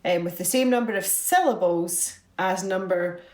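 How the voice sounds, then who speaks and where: A woman's voice: on the low side, normal speed, a little mellow, far from the mic. A young woman teaching a beginner fiddle workshop. She is patient and encouraging, and she counts the notes aloud. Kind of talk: online music workshop. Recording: echoey room, away from the mic, fiddle playing.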